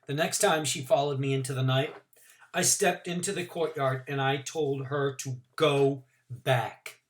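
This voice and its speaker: A male teacher reading a novel aloud to his class in an expressive first-person narration with varied pacing. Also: mid-range voice, a little slow.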